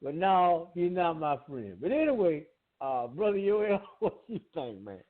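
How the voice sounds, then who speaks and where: A high-voiced man on a tinny phone line tells a story with lots of animation, dropping into the voices of the people in it and laughing along the way. He is hosting a call-in talk show. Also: measured pace. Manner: animated storyteller, acts out quotes, laughs often. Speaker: host.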